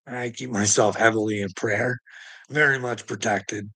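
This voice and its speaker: Gravelly, husky-voiced man preaching at his chat. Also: lowish voice, steady tone, moderate pace, bright, forceful tone, dry recording, low-quality recording. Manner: profane, preachy, rambling, chuckles often. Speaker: livestreamer talking to chat. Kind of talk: rambling livestream monologue.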